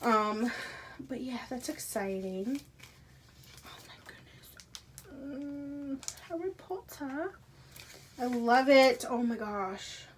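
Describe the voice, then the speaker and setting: A woman unboxing a subscription box at home, gushing and excitable, dropping into hushed whispers between bursts of delight. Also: medium pitch, a little hiss or hum. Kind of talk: casual unboxing vlog.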